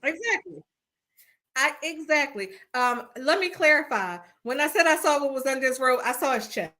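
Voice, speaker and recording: Bright, high-voiced woman telling stories. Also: normal speed. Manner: animated storyteller who acts out quotes. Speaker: podcast host. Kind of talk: casual chat. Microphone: remote call over the internet.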